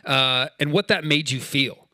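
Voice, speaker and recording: A man in his thirties gives a relaxed, conversational sermon with a bright, forceful tone. He tells stories and slips into quoted dialogue. The sound is dry and close. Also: mid-range voice, a little slow, no echo. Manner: casual, storytelling, acts out quoted dialogue. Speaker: pastor. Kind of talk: sermon with personal story.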